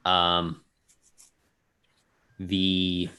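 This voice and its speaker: Deep, slow-talking game master man. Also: completely flat delivery, bright, forceful tone, clean tone. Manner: slow, measured, with fillers. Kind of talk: narrating a tabletop game.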